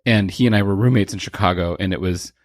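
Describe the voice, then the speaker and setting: Male podcast guest, quick delivery, lowish voice, jokey storyteller, dry close sound. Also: no echo. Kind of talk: casual chat.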